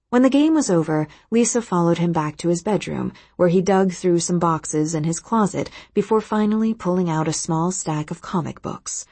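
A woman narrates an audiobook in a calm, steady reading. Her voice is fairly low and breathy. The recording is close and dry. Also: dry recording. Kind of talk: scripted narration.

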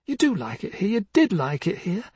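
Man doing a timid, pleading wife, soft and high, husky, for a dramatic audiobook. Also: wildly swooping pitch, brisk, no room sound, exaggerated voice. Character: frightened, pleading middle-aged wife.

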